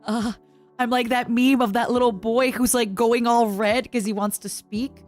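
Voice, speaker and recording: A young woman from Canada chatting casually on a livestream, giggly and given to high squeals and snatches of song. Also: steady tone, moderate pace, darkish tone, soft background music. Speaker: streamer.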